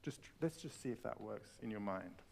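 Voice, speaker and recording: A man leading a piano masterclass on a concert hall stage, coaching a student with expressive enthusiasm. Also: fairly low pitch, normal speed, gravelly. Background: piano playing.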